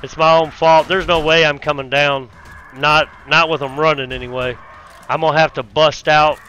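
A man giving casual let's play commentary while fighting a zombie horde, with loud cursing exclamations and folksy grammar. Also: on the high side, flat delivery, normal speed, lo-fi sound, slight background noise. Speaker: gaming YouTuber.

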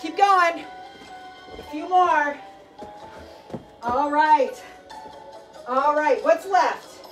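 A woman's voice: high-pitched, very slow, pauses often, fairly bright tone. A woman fitness instructor leading a children's workout, encouraging and calling out each move. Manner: encouraging, calls out moves and cues. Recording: distant mic with background music.

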